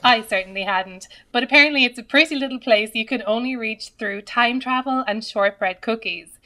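A woman panelist on a radio comedy quiz, reading a scripted funny story with a wry, deadpan delivery. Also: on the high side, normal speed.

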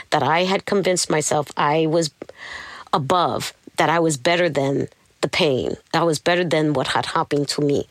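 A woman's voice: on the low side, no echo. A woman being interviewed, telling her life story candidly and with animation. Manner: candid, animated, tells her story acting out what others said. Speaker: interview guest. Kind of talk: personal storytelling.

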